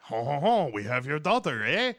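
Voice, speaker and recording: Guy doing a smug fake-french crook, high and chuckly, ho ho ho all over, sloppy accent. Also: sing-song, measured pace, vocal fry, a bit bright, no room sound, exaggerated voice. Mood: gloating. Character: sly gloating male French crook, mock accent.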